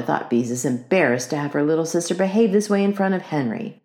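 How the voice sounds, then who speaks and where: A woman narrating a children's book aloud with expressive storytelling. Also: low voice, quick pace. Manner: expressive storytelling with acted character voices.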